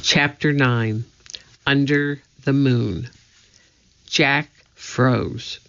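An audiobook narrator reads a storybook in a measured, deliberate way. The pace is very slow and the tone bright with gravelly fry. The recording sounds dull and lo-fi. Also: medium pitch, steady tone.

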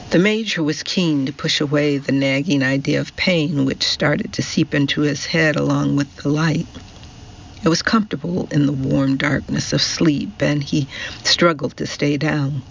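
A man reading an audiobook novel in a measured, deliberate narration. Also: a little high, creaky, a bit bright, highs cut off, a little hiss or hum. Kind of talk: scripted narration.

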